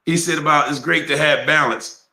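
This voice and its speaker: A man's voice: fairly high pitch, steady tone, moderate pace, pushed and bright. An older man with grandkids co-hosting a podcast in casual chat, teasing and laughing often. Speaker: podcast co-host. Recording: roomy echo.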